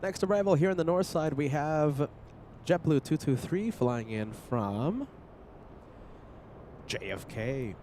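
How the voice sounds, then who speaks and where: Chatty lively man hosting a live stream. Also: on the high side, slow, long pauses, a little hiss or hum. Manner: chatty, greets viewers by name. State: sick. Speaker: livestream host. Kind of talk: casual live plane-spotting commentary.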